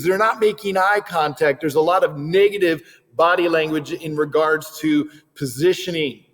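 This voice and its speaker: A man giving a Christian video lesson on body language in a lively, animated way, now and then acting out short quoted voices. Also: fairly high pitch, unhurried, in a large hall. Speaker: Christian teacher.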